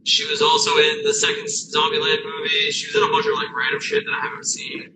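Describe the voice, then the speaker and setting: A man's voice: very high-pitched, huge pitch swings, quick pace. A man co-hosting a casual podcast, enthusiastic and swearing freely, his voice breaking into glitchy robotic call audio. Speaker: podcast co-host. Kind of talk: casual chat. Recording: noisy remote call line.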